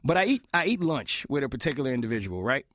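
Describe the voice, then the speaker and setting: A young man telling a story on a casual podcast, animated and acting out the other people's lines. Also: medium pitch, fast, no room sound. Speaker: podcast host.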